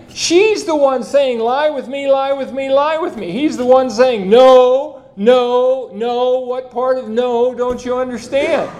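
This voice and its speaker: A man preaching an expository sermon, reading scripture and asking the listeners rhetorical questions in a lively, animated way. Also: extremely high pitch, low-quality recording. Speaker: pastor.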